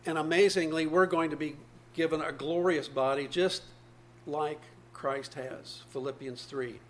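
A man's voice: fairly high pitch, steady tone, measured pace, fairly bright tone. A man, probably older, preaching a sermon, reading scripture aloud and explaining it earnestly with repeated phrases.

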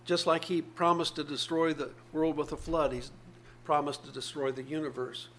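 Man preaching a sermon, slightly high voice. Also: flat delivery, moderate pace, fairly bright tone, a little hiss or hum. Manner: reads scripture aloud, then explains it earnestly with repetition.

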